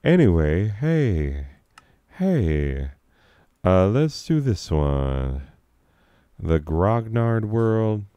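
A high man rambling crudely and joking as he hosts his own gameplay commentary. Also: big pitch swings, extremely slow, pauses often, warm tone, smooth, no room sound. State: high on drugs. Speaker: let's play host. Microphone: own desk microphone.

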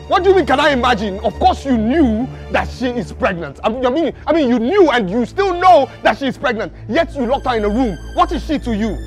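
A furious young fiancé, high-voiced, who spits out repeated words. His pitch jumps all over as he mocks. Faint music plays under him. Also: sing-song, a little fast, few pauses. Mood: exasperated. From Nigeria. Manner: repeats words, exasperated and mocking. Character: angry young man hunting for his pregnant fiancée. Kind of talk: Nollywood film acting.

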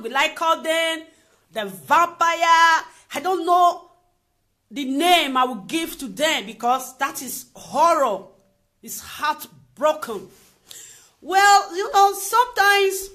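A woman's voice: high voice, bright, forceful tone. A Nigerian woman giving an impassioned opinion monologue to camera, emphatic and repetitive, piling up rhetorical questions. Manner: emphatic, repeats phrases, piles up rhetorical questions. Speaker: vlogger.

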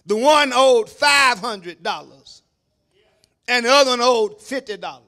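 A man preaching a sermon as pastor, shouting at the peaks and dropping into low asides to the congregation, calling on them to answer. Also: lively intonation, measured pace. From Kentucky, USA. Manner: call-and-response preaching, calls on the congregation. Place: church sanctuary.

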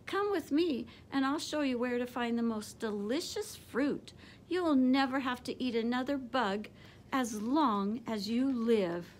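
A woman voicing a caring, protective mother fruit bat in a storybook reading, speaking softly and tenderly. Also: fairly high pitch, unhurried, a little hiss or hum, lightly acted.

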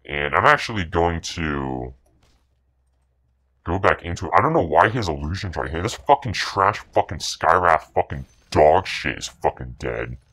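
A man's voice: sits low, animated, normal speed, bright, forceful tone. A man commentating his own video game match, boastful and profane, sneering at the other players with repeated catchphrases. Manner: boastful, profane, contemptuous trash talk; repetitive catchphrases. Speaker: gaming commentator. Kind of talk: gameplay commentary.

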